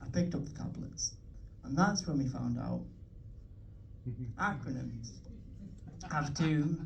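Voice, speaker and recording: A man's voice: mid-range voice, animated, slow, creaky, slight background noise. A young man with a Liverpool accent doing a swearing, self-mocking stand-up set on a comedy club stage. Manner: swearing, self-mocking, chatty crowd work. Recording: live club mic heard from a distance. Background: audience laughter.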